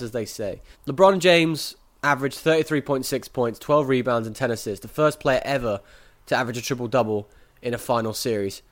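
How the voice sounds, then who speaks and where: A man hosting a sports podcast, giving brisk, opinionated analysis and then interviewing a guest. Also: mid-range voice, a bit bright. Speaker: podcast host.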